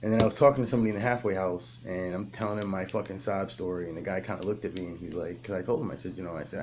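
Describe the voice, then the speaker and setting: A man with a low, deep voice tells his recovery story plainly and bluntly. He swears freely and stumbles into restarts, and a faint hum of room noise sits behind him. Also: a little mellow. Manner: raw, blunt, heavy swearing, halting restarts. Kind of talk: candid personal recovery story.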